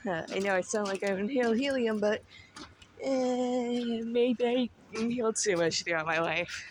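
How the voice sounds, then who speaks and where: A woman's voice: fairly high pitch, measured pace, rough recording. A young woman casually vlogging a nature walk into her phone, playful and chatty, a little out of breath, with faint outdoor noise behind. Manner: playful, chatty, exclaims at what she sees. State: slightly out of breath. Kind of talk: casual walking vlog. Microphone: handheld phone.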